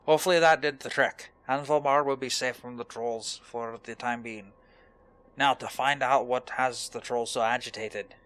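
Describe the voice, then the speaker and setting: Stern dwarf quest-giver from a fantasy game, gruff and bright-toned, put on by a man in a strained dwarven accent. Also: mid-range voice, fairly even intonation, moderate pace, lightly acted.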